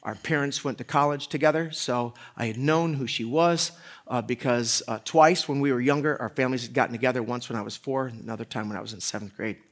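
A married man preaching a sermon with funny personal stories, swinging from quiet asides to loud, excited bursts. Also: mid-range voice, fairly quick. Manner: animated storytelling, jokey asides, loud swings in volume. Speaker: pastor. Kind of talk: humorous sermon.

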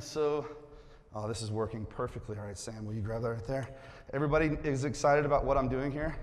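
Playful pastor in a reverberant hall. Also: male voice, medium pitch. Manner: playful, coaxing the crowd, then earnest and quiet. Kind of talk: sermon with audience participation. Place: church sanctuary.

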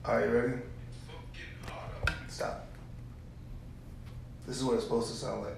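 A man's voice: mid-range voice, flat delivery, a little slow, creaky. Man, podcast co-host, blunt and profane, teasing; very echoey room, faint noise. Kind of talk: casual chat. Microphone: studio mic with headphones.

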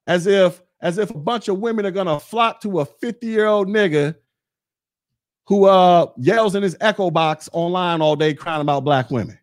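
A man in his forties hosting a podcast, ranting bluntly with mocking, profane talk. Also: sits high. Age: 40s. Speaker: podcast host. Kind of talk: casual rant.

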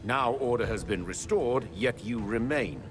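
A man's voice: mid-range voice, a little slow, lightly acted. A man voicing a stern cold ambassador. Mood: accusing. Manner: cold, accusing, sarcastic. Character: stern male Fereldan ambassador, accusing and cold. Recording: game dialogue under loud music.

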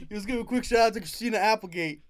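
Podcast host dude, pretty high voice, jokes and swears, faint noise behind. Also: male voice, fast. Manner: jokey, swearing, short backchannels. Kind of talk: casual podcast chat.

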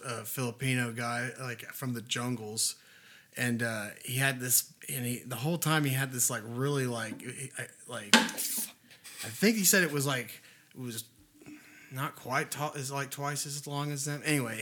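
A man's voice: medium pitch, bright, forceful tone. A man on a podcast, rambling through a story in casual chat with lots of fillers and restarts. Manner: rambling, hesitant, filler-heavy. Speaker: podcast co-host.

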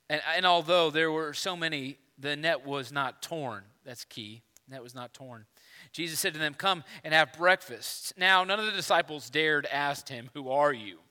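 A man pastor delivering a conversational sermon, often checking in with the congregation with quick asides. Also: fairly high pitch, pushed and bright, long reverb tail. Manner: conversational preaching with frequent "right?" asides. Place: church sanctuary.

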